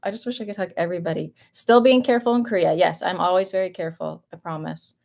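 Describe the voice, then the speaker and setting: A woman's voice: lowish voice, fast talker, gravelly, a little mellow. A young American woman with a light Southern accent, chatting casually and laughing often as she answers viewer questions on a livestream. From United States. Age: young adult.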